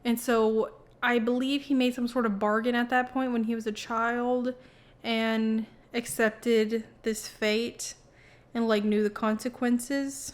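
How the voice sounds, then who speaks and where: A young adult woman casually summarizing a book in a vlog, chatty and full of "like". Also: on the high side. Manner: chatty, heavy use of "like". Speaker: book vlogger.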